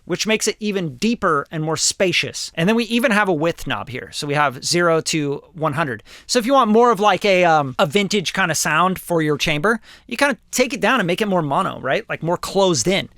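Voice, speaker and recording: A man's voice: sits high, expressive, fairly quick, hardly any pauses, pushed and bright, no room sound. A man, a music producer, giving a casual plugin tutorial in an enthusiastic, joking, slangy way. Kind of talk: casual screen-recorded tutorial.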